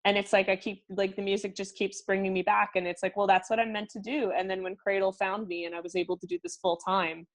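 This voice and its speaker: A woman's voice: mid-range voice, flat delivery, fast, few pauses. Chatty Canadian woman in her thirties. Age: 30s. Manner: chatty, laughs often, fillers like "like". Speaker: guest singer. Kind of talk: casual interview chat.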